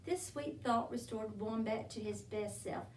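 A woman reading a picture book aloud in a gentle, unhurried storytelling manner. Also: fairly high pitch. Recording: roomy, from a distance.

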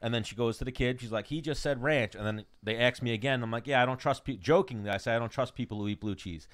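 A man with a mid-pitched, everyday voice telling a long story in a relaxed way. He voices the other people in the story as he goes. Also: fast. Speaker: podcast co-host. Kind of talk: casual storytelling.

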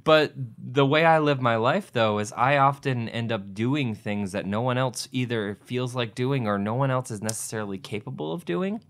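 A man's voice: medium pitch, normal speed, few pauses, fairly bright tone. A man co-hosting a podcast, talking casually and self-deprecatingly, often restarting his sentences. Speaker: podcast co-host. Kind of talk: casual conversation.

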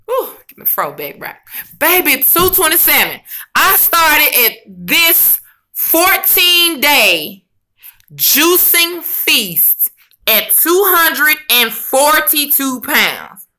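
A woman vlogging casually about her weight loss, chatty and expressive, talking straight to her viewers. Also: sits high, slow. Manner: chatty, addresses viewers as y'all and honey; emotional and expressive, rambling with restarts. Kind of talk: casual chat to camera.

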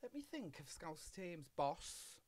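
A man with a Liverpool accent, chatting as a podcast guest in a camp, cheeky and animated way. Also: a little high, slow pace, slight background noise. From Liverpool, England. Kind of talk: casual chat.

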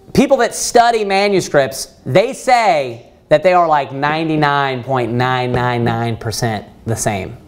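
Animated high-pitched pastor teaching. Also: male voice. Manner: emphatic, animated teaching with rhetorical questions and frequent restarts. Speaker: pastor teaching a Bible study. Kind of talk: church Bible study teaching. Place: church.

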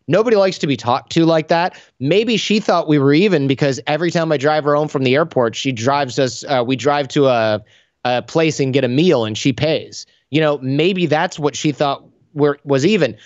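A man being interviewed on a podcast, an animated storyteller who acts out the voices in his anecdotes. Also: a little high, moderate pace, no echo, lo-fi sound. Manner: animated storyteller acting out dialogue. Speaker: podcast guest. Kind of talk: conversational interview.

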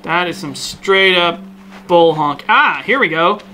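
A man playing a game on stream, joking and reacting excitably in casual commentary. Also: sits high, measured pace, a little hiss or hum. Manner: jokey, excitable, goofy asides.

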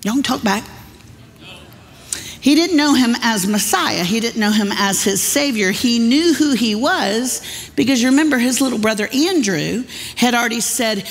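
A woman's voice: fairly high pitch, lively intonation, normal speed. A woman pastor, preaching with humorous, folksy storytelling in a large church. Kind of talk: sermon. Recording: long reverb of a church hall.

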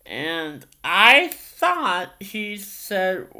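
Brief: male vlogger, crisp bright tone, halting, full of ums, very slow. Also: sits high, big pitch swings. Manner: hesitant, many ums and repeated phrases. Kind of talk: casual vlog storytelling.

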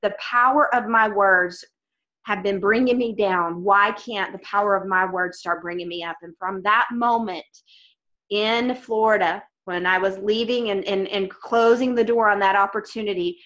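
A woman's voice: medium pitch, fairly even intonation, moderate pace, a bit bright, lo-fi sound. A woman giving an encouraging motivational talk to a team on a video call, speaking with emphasis and addressing them as guys.

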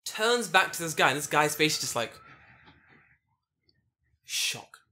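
A man hosting a podcast, telling a story in an excitable, profane, animated way. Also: fairly high pitch, measured pace. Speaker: podcast host. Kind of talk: casual chat, storytelling.

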